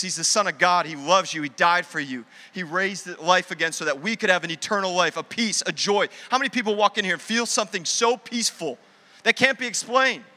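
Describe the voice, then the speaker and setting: A man preaching a sermon as pastor, energetic and conversational, slipping into acted asides. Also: high-pitched. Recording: long hall reverb.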